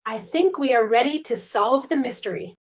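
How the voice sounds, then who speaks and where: Speaking at normal speed with a fairly high pitch, this co-host of an English-learning lesson keeps asking about the story, full of curiosity and eagerness.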